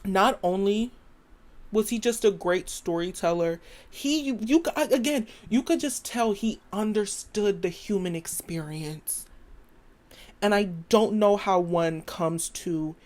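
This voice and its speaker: Woman, podcast host, casual opinion talk, rambling, emphatic, medium pitch. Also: slow, darkish tone. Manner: rambling, emphatic, quotes lyrics aloud.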